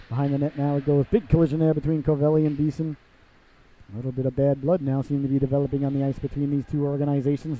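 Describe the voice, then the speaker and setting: A man calling a hockey game live, his voice sitting a bit high. He talks to the listeners in a chatty, showy way and rises into excited calls on big plays. The sound is muffled and lo-fi, like an old broadcast. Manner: chatty and theatrical, calls the audience "ladies and gentlemen". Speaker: play-by-play announcer. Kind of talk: live hockey play-by-play commentary. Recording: dull lo-fi broadcast audio.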